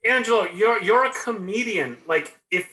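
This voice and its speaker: A man's voice: high voice, lively intonation, moderate pace, crowd noise. A man co-hosting a podcast, talking loosely with many fillers in casual chat. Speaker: co-host. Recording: echoey room.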